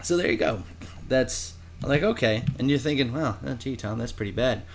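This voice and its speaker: A young man casually telling a story on a podcast, acting out quotes in higher voices. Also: moderate pace, vocal fry, slight background noise. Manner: animated storyteller, acts out quotes in high voices. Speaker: podcast co-host.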